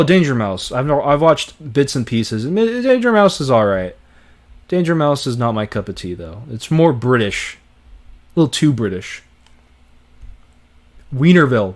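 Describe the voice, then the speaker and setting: A young man giving casual, off-the-cuff commentary on a live stream, swearing now and then and reacting with disbelief. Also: mid-range voice.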